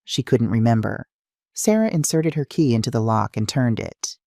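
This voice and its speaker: A narrator telling a dramatic story, the pitch swinging widely through tense moments. The voice is mellow and warm. The recording is dry and close, with no room sound. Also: lively intonation, normal speed, creaky, no room sound.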